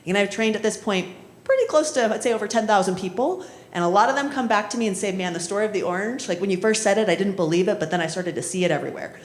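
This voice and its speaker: A woman's voice: mid-range voice, fast. A conversational woman trainer in an echoey room. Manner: conversational, often adds "right?" and acts out quoted voices. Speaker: conflict trainer. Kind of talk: workshop lecture with storytelling. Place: municipal training session room.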